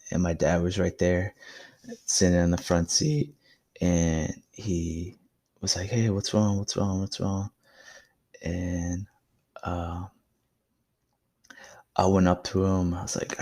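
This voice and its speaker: A young man talks through his own podcast in a low, gravelly voice, telling stories from his past. His delivery stays fairly flat in pitch and has a casual, reflective and encouraging tone. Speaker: podcast host. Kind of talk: casual solo podcast monologue.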